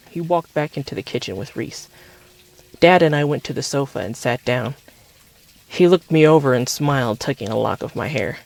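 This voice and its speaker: A man calmly reading a first-person story aloud as storyteller. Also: medium pitch, normal speed, creaky. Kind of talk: calm read-aloud storytelling.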